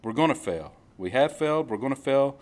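A man's voice: medium pitch, expressive, a little mellow. Conversational male preacher reading scripture. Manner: conversational, repeats phrases, reads scripture slowly. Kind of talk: informal sermon. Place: church service.

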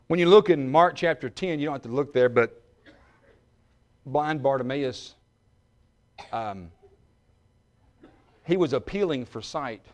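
A man preaching a sermon, dropping to quiet, joking asides and rising to shouted peaks. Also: medium pitch, expressive, measured pace, long pauses. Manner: humorous, self-mocking asides.

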